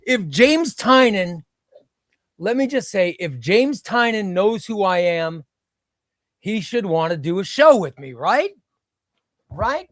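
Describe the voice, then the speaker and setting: A man's voice: high-pitched, very animated, slow pace, pauses often, a bit bright, no room sound, studio quality. A man hosting a live stream, chatting about comics, reading chat aloud and repeating himself.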